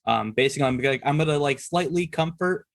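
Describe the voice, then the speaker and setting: A man's voice: a little high, fast talker, vocal fry, no echo. A man in the middle of a tabletop game, talking through what his character does in a loose, rambling way. He circles back, restarts and fills the gaps with ums as he plans each move. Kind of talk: casual in-character narration of actions.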